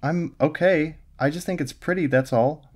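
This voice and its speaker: A man voicing a nervous, dreamy young woman in a creepypasta reading, with a high, soft girlish voice. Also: moderate pace, lightly acted.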